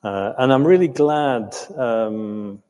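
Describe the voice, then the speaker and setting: A man's voice: mid-range voice, slow pace, dark tone, big-room sound. An older man from England telling his life story in a reflective, hesitant way, with many ums and restarts and the odd chuckle. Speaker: interviewee recounting his life.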